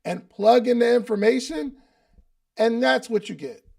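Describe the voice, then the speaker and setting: A man's voice: extremely high pitch, unhurried, creaky, darkish tone. A man hosting a live coaching session, talking loosely and casually with slang and repeated phrases for emphasis. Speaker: podcast host and business coach. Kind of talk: casual coaching talk at a live online meeting.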